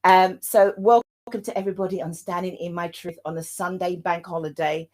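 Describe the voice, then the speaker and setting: A woman's voice: lowish voice, steady tone, moderate pace, a little mellow. A British woman hosting a live online interview show, talking in a chatty, upbeat way with plenty of fillers. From United Kingdom. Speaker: host.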